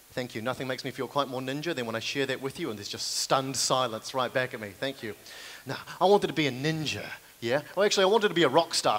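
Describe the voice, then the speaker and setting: A young man with a New Zealand accent doing live stand-up comedy on stage, with self-deprecating, deadpan asides to the audience. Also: medium pitch. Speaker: comedian and card manipulation performer.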